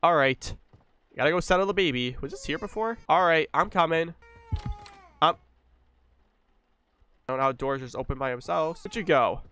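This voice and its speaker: A man's voice: fairly high pitch, moderate pace, pauses often, sharp tone, clear, resonant tone. A young man giving casual, profane let's-play commentary, joking and scolding the game baby. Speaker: gaming YouTuber.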